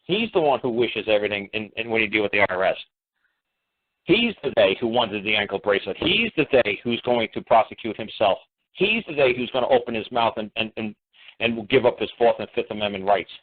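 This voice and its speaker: A man's voice: medium pitch, husky. A man talking insistently on a radio talk show, firing off repeated rhetorical questions that grow heated. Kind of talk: emphatic call-in radio talk. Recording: tinny phone-line radio audio.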